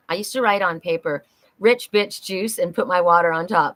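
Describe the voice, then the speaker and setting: A woman's voice: fairly low pitch, normal speed, fairly bright tone. Woman, middle-aged, oracle reader, livestream host, chatty, upbeat, spiritual cheerleader.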